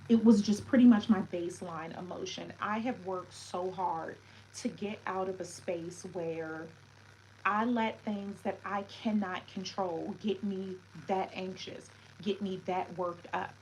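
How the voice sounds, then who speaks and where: A woman's voice: mid-range voice, fairly even intonation, measured pace, darkish tone, slight background noise, poor audio. Chatty woman hosting a livestream. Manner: chatty, reflective, greets viewers with French words. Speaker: livestream host. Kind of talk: casual livestream chat.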